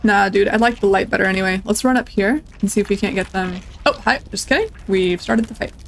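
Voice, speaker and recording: A young woman streams her own gameplay in a casual let's-play, chatting playfully with both the enemies and her viewers. Her mid-range voice is creaky and she talks fast, with a faint hiss or hum in the background.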